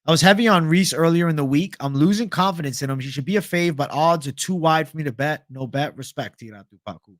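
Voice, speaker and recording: A man's voice: on the high side, quick pace, hardly any pauses, fairly bright tone, no echo, clean studio sound. Casual young man hosting a fight stream. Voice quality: casual, profane, reads chat aloud. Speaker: MMA livestream host. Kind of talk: casual livestream fight picks chat.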